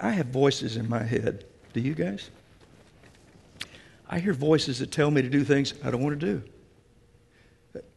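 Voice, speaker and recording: A man's voice: a little high, vocal fry. A man preaching a sermon, emphatic and speaking straight to the congregation in a church. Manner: emphatic, addresses the congregation directly. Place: church sanctuary. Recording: long reverb of a church hall.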